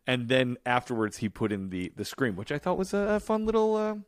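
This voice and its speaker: A man's voice: medium pitch, big pitch swings, fairly quick, no echo, studio quality. A man co-hosting a podcast, chatting casually and laughing often. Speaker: podcast co-host. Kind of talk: casual chat.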